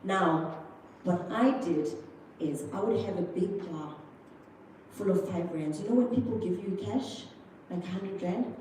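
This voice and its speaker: A woman's voice: on the low side, unhurried, long pauses, darkish tone, slight background noise. A South African woman giving a chatty motivational speech at a school prize-giving, talking straight to the audience. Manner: chatty, addresses the audience directly, acts out others' voices. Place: school hall. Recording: echoey hall, distant microphone.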